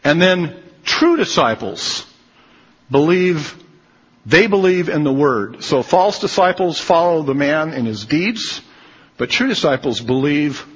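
A man's voice: on the high side, a bit bright, husky, in a large hall, highs cut off. A man preaching a sermon, emphatic and repeating his key phrases.

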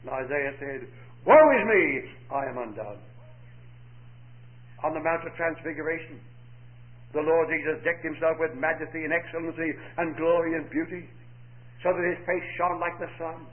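A man's voice: on the high side, level tone, a little fast. A man preaching a sermon, emphatic, asking the listeners questions and quoting scripture in old-fashioned English. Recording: tinny narrow-band recording.

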